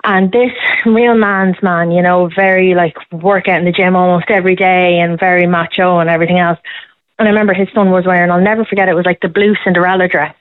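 A chatty woman in her thirties talks emphatically down a tinny phone line, her voice low-pitched for a woman. The sound is dry and close. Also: fairly even intonation, fast, dry recording. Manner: chatty, emphatic, laughs readily. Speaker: caller, podcast host. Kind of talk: casual radio phone-in chat.

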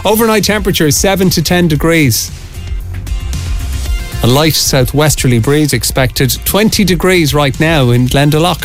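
A man's voice: on the high side, animated, normal speed, faint music behind. Chatty radio presenter man. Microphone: studio microphone.

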